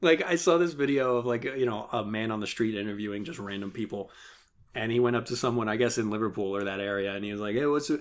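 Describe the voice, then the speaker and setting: A man co-hosting a casual podcast chat, animated and blunt, swearing and laughing often. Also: lowish voice, fast talker. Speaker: podcast co-host.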